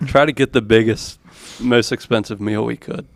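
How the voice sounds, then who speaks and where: A man's voice: medium pitch, fairly even intonation, moderate pace, gravelly, no echo, studio quality. A man, a podcast guest, explaining things casually with hesitant fillers. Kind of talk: casual chat.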